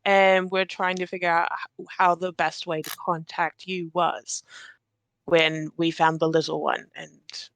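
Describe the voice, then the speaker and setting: A formal, apologetic male guide, voiced by a player at the table. He speaks courteously with a gravelly edge. The sound is dry and close. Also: medium pitch, level tone, a little slow, a bit bright, no echo.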